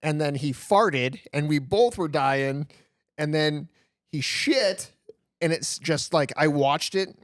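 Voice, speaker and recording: A middle-aged man co-hosting a casual podcast, with a slightly high voice. He tells his stories in an animated way, full of stammered restarts and swearing. The recording is close and dry. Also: takes it slowly, no echo. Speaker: podcast co-host. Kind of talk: casual chat, storytelling.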